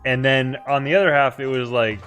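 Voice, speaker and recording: A man's voice: mid-range voice, brisk, clean tone, faint music behind. Laughing guy player telling the story. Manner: animated storyteller, laughs often. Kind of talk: casual chat, playing a tabletop game.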